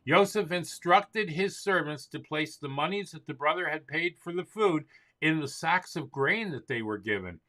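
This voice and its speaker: A man hosting a show, reading a summary in a steady, clear manner. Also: on the high side, normal speed. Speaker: host.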